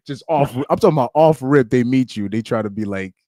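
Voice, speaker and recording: A man's voice: medium pitch, expressive, a little fast, mellow, no room sound, studio quality. A man hosting a casual podcast chat, laid-back and slangy, chuckling between points. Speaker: podcast host.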